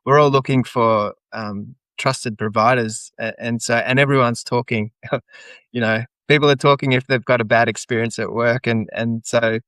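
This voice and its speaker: A man hosts a business podcast and talks in relaxed chat, pausing and restarting as he thinks aloud. His pitch sits in the usual male middle. The recording is dry and close. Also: no echo. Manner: hesitant, with many ums and restarts. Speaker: podcast host. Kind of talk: casual interview chat.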